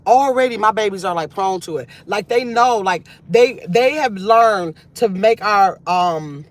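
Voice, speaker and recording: A woman's voice: mid-range voice, expressive, unhurried. A middle-aged grandmother hosting a casual live chat from her car, rambling and reflective as she reads viewer comments aloud. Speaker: livestream host.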